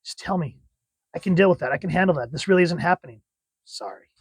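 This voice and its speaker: A man voicing a shaken adult male superhero, reading in a hushed, strained way. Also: fairly high pitch, expressive, quick pace, husky, dry recording. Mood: distraught.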